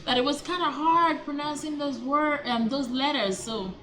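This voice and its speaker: A woman's voice: high voice, a bit bright. A woman teaching words in a casual vlog lesson, repeating each word and correcting herself as she goes. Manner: repeats words slowly, self-correcting, chatty. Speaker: language teacher.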